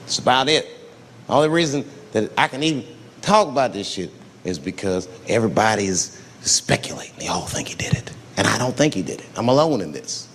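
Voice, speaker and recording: Animated profane male stand-up comic. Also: fairly low pitch, a little fast, a little hiss or hum. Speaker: stand-up comedian. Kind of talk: stand-up comedy. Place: comedy venue on stage. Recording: live club recording, reverb, audience laughter.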